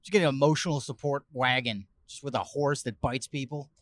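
A man's voice: mid-range voice, brisk, a bit bright, dry recording. A young adult man co-hosting a podcast in casual chat, crude and profane, trading joking insults. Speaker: podcast co-host.

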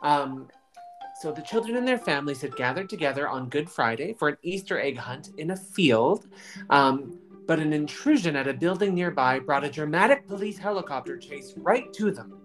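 A woman's voice: deep voice, lively intonation, normal speed, faint music behind. A woman co-hosting a podcast, chatting casually and retelling a news story, with many fillers. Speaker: podcast co-host.

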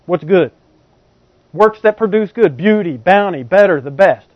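A man's voice: high voice, expressive, unhurried, no room sound. A man preaching a teaching sermon in a conversational way, explaining with everyday examples and often checking that his congregation is following. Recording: slightly dull, muffled recording.

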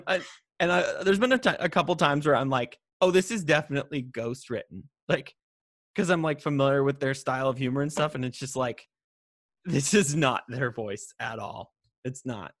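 A man's voice: a little high, a bit bright. A man co-hosting a podcast in casual chat, laughing often and joking about himself. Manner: chatty, laughs often, self-deprecating. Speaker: podcast co-host.

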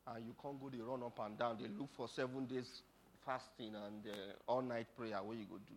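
A middle-aged man with a Nigerian accent preaching a sermon, telling stories and rising to dramatic shouts. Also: mid-range voice, normal speed, a little hiss or hum.

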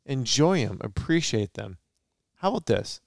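A man from Michigan co-hosting a casual podcast chat, talking in a measured, deliberate way. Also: medium pitch, very animated, creaky, darkish tone, no room sound, studio quality. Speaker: podcast co-host.

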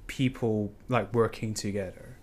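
A man with a fairly low voice talks about a book in a relaxed, casual way. He hesitates often, circling back and filling pauses as he works out his thoughts. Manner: hesitant, rambling with many fillers. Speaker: book discussion participant. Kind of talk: casual discussion.

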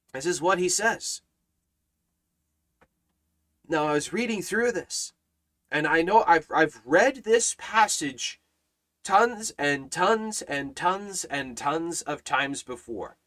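A man's voice: fairly high pitch, expressive, slow, long pauses, fairly bright tone. A man teaching a Bible study in a preaching style, emphatic and repeating phrases with rising and falling force.

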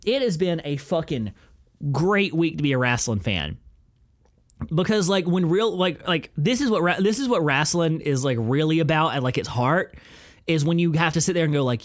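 A young man hosting a podcast, telling a story in a profane, rambling, excitable way. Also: a little high, normal speed. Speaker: podcast host. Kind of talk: casual chat.

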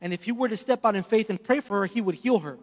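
A man preaching a sermon, telling stories and swinging between loud emphasis and hushed asides. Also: sits high, fast. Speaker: pastor. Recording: long hall reverb.

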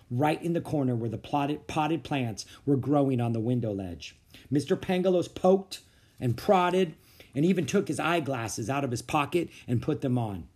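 A man reading a children's novel aloud as a podcast storyteller, with expressive, animated narration. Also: medium pitch, normal speed, husky.

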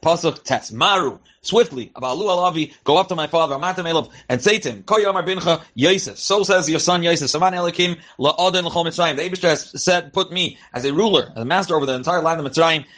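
A man's voice: a little high, fast talker, few pauses, fairly bright tone. A man teaching a Torah class, reading Hebrew verses and translating them phrase by phrase in loose spoken style. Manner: reads Hebrew phrases then translates, Yiddish-inflected yeshivish terms; loose spoken delivery with fillers and restarts. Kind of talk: verse-by-verse Chumash and Rashi class.

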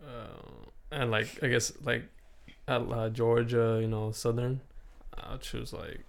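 A man in casual podcast chat, laid-back and often laughing as he tells drawn-out stories. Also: mid-range voice, flat delivery, gravelly.

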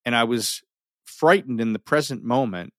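A middle-aged man telling a personal story in an animated way, full of restarts and dramatic pauses. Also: medium pitch, no room sound, studio quality.

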